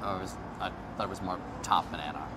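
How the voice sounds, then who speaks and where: A man's voice: low voice, steady tone, fast talker, heavy background noise. A man presenting a light news feature, playful and chatty, moving between narration and interviews. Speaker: correspondent.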